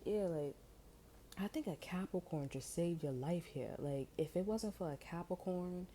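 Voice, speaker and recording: A woman with a low, mellow voice talks through a tarot reading in loose, slangy street talk. She tells the story as she goes and keeps jumping into the voices of the people in it. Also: moderate pace, slight background noise. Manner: slangy, animated storytelling, acting out quoted voices. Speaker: tarot reader.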